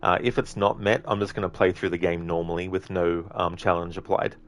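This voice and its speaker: A man's voice: sits low, steady tone, fairly quick. A man casually commenting on his live game stream, answering and thanking viewers in chat with frequent ums and self-corrections. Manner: chats with viewers, reads and answers chat messages. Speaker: livestreamer.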